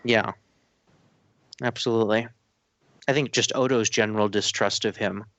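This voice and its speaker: A man's voice: on the low side, steady tone, moderate pace, fairly bright tone, no room sound. A man with an Irish accent hosting a casual podcast chat, talkative and self-deprecating. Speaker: podcast host.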